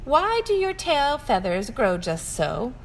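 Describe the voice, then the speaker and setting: An eager little elephant girl, bursting with questions, in a high, bright storybook voice that a woman puts on. Her pitch leaps around, and the voice rings out in a reverberant room. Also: wildly swooping pitch, slow pace, a little hiss or hum, exaggerated voice. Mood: curious. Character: small curious young female elephant. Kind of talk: storybook reading.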